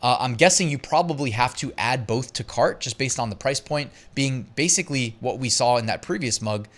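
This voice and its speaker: A man's voice: medium pitch, fairly quick, fairly bright tone. A man hosting a casual online business tutorial, chatty and upbeat, laughing easily as he talks. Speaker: host.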